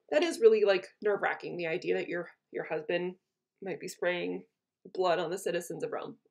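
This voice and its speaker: A woman's voice: on the low side, normal speed, gravelly, darkish tone. A woman teacher reading lines from a play aloud and retelling them in casual everyday words for her students. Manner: casual paraphrase.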